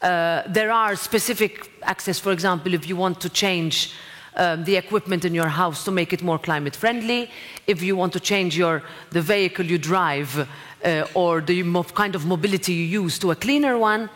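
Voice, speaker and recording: A woman's voice: fairly low pitch, moderate pace, a bit bright. A woman giving a speech and answering an audience, direct and encouraging, with asides to the crowd. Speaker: president of a parliament, guest speaker. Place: lecture hall. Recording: long hall reverb.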